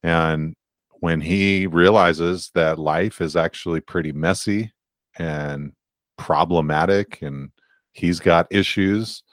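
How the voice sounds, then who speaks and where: A man co-hosting a podcast, from California, talking in a relaxed, rambling way with lots of fillers. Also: low-pitched, slow pace, dry recording, studio quality. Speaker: podcast co-host. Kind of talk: casual chat.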